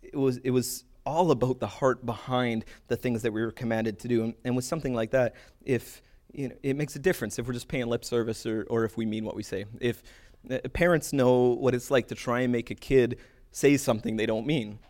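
A man preaching a conversational sermon, casual and animated, with quick asides and restarts. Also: medium pitch. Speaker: pastor.

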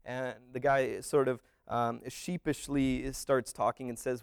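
A man tells a parable as an unhurried story. He rambles and restarts, and he leans on fillers as he goes. His voice sits at an ordinary middle pitch, recorded close and dry. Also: little pitch movement, gravelly, smooth, no echo.

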